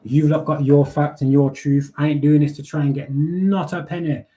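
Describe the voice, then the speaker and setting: A man's voice: a little high, level tone, normal speed, warm tone. A young man, hosting a live panel and ranting bluntly with heavy swearing, street slang and repeated words. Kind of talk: casual rant.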